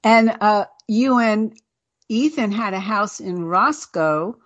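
A woman's voice: mid-range voice, expressive, slow pace, fairly bright tone. Older woman interview host.

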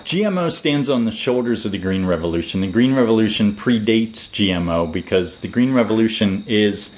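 A man giving long, measured, lecturing answers as a permaculture designer in an interview. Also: on the low side, expressive, low-quality recording.

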